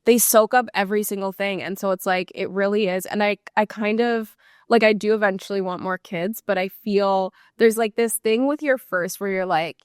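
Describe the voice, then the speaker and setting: A woman's voice: mid-range voice, fairly even intonation, normal speed, smooth, dry recording, clean studio sound. Chatty woman podcast guest. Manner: chatty and candid, leans on "like" and "literally". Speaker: guest, business owner. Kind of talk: casual conversational interview.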